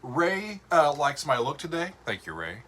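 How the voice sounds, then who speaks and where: A man hosting a livestream, chatting casually with viewers in a relaxed, rambling way with lots of fillers and a drawl. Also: a little high, moderate pace. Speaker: show host.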